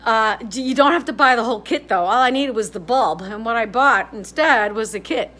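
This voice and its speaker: An older woman with a fairly high, bright, forceful voice speaks briskly in her casual home-repair vlog, rambling frankly as she goes from house to yard to garage, filming herself on a phone at arm's length in selfie mode.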